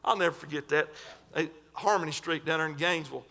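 A man preaching a sermon in a fervent, folksy way, stretching and shouting scripture lines. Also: a little high, fast talker, vocal fry. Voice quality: folksy, colloquial.

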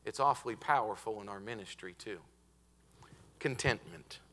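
A man preaching a revival sermon as a visiting preacher, emphatic and stretching out key words, building up to shouted peaks in a church auditorium. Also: lowish voice. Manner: emphatic, building to shouted climaxes with drawn-out stresses; often says "hey, listen" to the congregation.

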